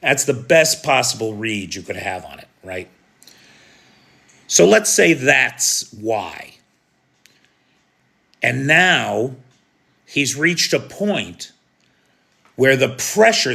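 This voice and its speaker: A man's voice: medium pitch, vocal fry, sharp tone. An American man giving live, opinionated news commentary in a conversational way, often asking "right?". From United States.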